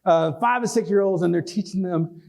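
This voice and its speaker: A man, giving a folksy, animated public lecture and taking audience questions in a lecture hall. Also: high-pitched, brisk, vocal fry. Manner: animated, folksy, talks straight to the crowd. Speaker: guest lecturer.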